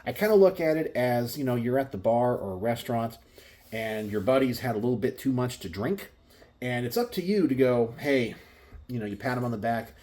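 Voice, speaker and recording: A man's voice: medium pitch, expressive, brisk, darkish tone. Exasperated man ranting in his garage. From Texas. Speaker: gun channel host. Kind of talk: casual talk to camera. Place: home garage.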